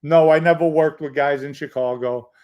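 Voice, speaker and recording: A man's voice: on the high side, steady tone, normal speed, muffled recording. A middle-aged man hosting a livestream, reading viewer comments aloud, joking with chatters and rambling through stories. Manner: rambling anecdotal storytelling. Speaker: livestream host. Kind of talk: casual livestream chat.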